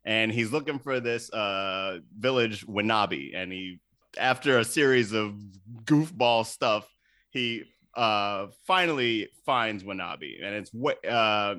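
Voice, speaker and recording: Casting note: male podcast host, bright and forceful voice, loose and profane, laughs a lot, dry close sound. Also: on the low side, expressive, takes it slowly, no echo. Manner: loose, profane, laughs often, acts out quotes. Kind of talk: casual chat, recapping a movie.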